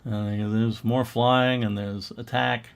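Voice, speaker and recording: A man co-hosting a casual online chat about comic book art, chatty and quick to laugh, now and then reading captions aloud in mock voices. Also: medium pitch, level tone, creaky, clean tone. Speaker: museum co-host.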